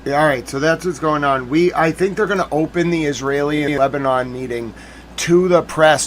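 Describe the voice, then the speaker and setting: A man's voice: on the high side, moderate pace. A man talks his live audience through breaking reports, greeting viewers in chat. He often repeats himself in an uneasy tone. A faint hum sits behind his voice. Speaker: livestream news commentary host.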